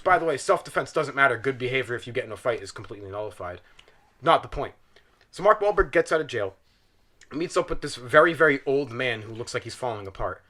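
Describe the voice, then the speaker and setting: A young man on a podcast, animatedly and profanely ranting through a comedic film review. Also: medium pitch. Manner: animated, exaggerated, profane storytelling. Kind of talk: casual comedic rant.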